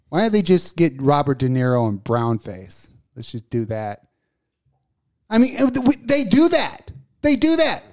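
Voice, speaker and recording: Mouthy male co-host, profane and ranty, slightly high voice. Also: darkish tone. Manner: profane, ranting, laughing. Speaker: podcast co-host. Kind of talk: casual comedic rant.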